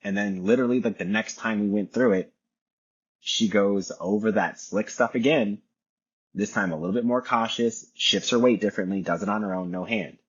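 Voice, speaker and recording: A man's voice: on the low side, normal speed, breathy edge, dull audio. A young man telling stories in a laid-back casual chat, saying dude a lot and acting out voices. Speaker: podcast guest.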